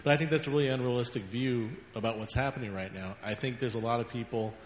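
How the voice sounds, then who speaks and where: A man in a study group makes a quick, conversational comment with fillers. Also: mid-range voice. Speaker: group member making a comment. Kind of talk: casual spoken comment. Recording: distant, dull, with hall reverb and faint noise.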